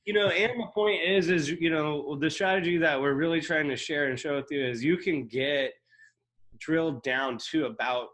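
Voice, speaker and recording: A man giving a casual walkthrough of real estate software, rambling with lots of fillers and restarts. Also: on the high side, normal speed. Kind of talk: casual screen-share walkthrough.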